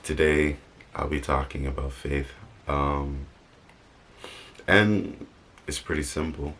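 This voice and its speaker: A man's voice: extremely low pitch, steady tone, takes it slowly, a bit bright. A young man talking casually in a vlog, rambling and correcting himself with joking asides. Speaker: vlogger. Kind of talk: casual motivational vlog talk.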